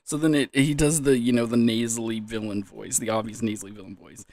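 His medium-pitched, slightly mellow voice moves briskly with fairly even intonation. In this casual solo vlog, the gaming creator sits close to the mic with a dry mouth and keeps cracking up in fits of laughter.

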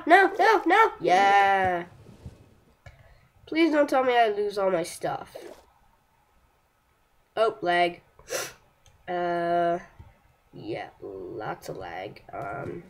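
A young woman chatting through her own gameplay, excitable and self-mocking, yelping and shouting at enemies between slow, rambling remarks. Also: on the low side. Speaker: gameplay streamer. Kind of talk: casual live commentary while playing a game.

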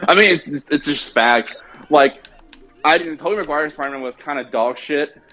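A man's voice: a little high, moderate pace, pushed and bright, soft background music. A man chatting bluntly with friends during a game stream, giving strong opinions and swearing. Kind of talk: casual group chat.

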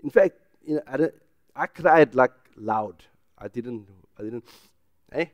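A middle-aged man, a pastor who preaches with loud, emphatic rises and then drops into a quiet, personal telling. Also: mid-range voice, animated, unhurried, no room sound, lo-fi sound. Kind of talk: sermon.

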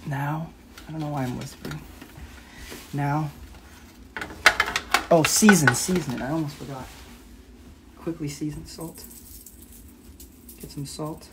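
A woman's voice: low-pitched, fairly even intonation, a little slow, pauses often, very noisy. A woman hosting a casual live cooking stream from her home kitchen, talking on a phone camera in a chatty, rambling way that keeps correcting itself.

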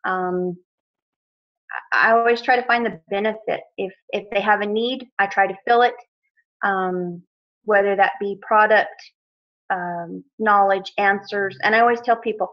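A woman's voice: mid-range voice, fairly even intonation, unhurried. Earnest woman on a muffled phone line. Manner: modest, earnest, hesitant with many ums. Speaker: team member sharing tips. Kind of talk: conference call testimony.

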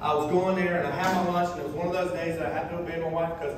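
A man preaching high-voiced, in an echoey hall. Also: flat delivery, very fast. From Florida. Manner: conversational storytelling with humor. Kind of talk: sermon. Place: church sanctuary. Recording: echoey hall, voice far from mic, faint noise.

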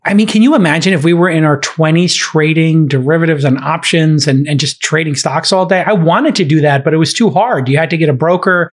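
A middle-aged man with a slightly higher voice hosts a podcast. He tells stories in casual chat, animated and often breaking into laughter. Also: fairly quick, few pauses, slightly rough. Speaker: podcast host.

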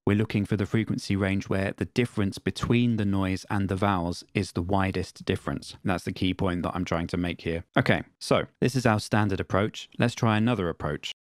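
Low-voiced man explaining audio software. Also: steady tone, a little fast, hardly any pauses, dry recording, clean studio sound. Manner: plain, matter-of-fact explaining with repeated test phrases. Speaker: music production tutor. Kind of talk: screen-recorded software tutorial.

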